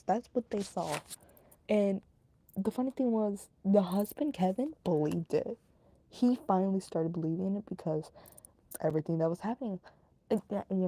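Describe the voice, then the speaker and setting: Chatty young woman, mellow dry voice. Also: fairly low pitch, no room sound. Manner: joking, rambling, many fillers and laughs. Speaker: podcast host. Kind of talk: casual true crime commentary.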